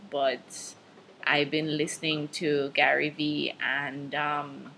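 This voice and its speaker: A woman's voice: sits low, a bit bright, slight background noise. A woman with a Jamaican accent hosting her own podcast in a casual solo monologue, nervous and rambling, laughing often between thoughts. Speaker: podcast host.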